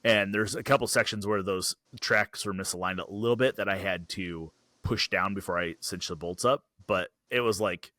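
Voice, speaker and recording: A man's voice: deep voice, moderate pace, bright, forceful tone, no room sound. A man co-hosting a podcast, telling a story in loose casual chat full of fillers. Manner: rambling storyteller, filler-heavy. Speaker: podcast co-host.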